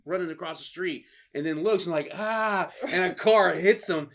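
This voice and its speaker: A man casually telling stories on a podcast, swearing freely, laughing and acting out quotes loudly. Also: high-pitched, normal speed, a little hiss or hum. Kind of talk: casual storytelling chat.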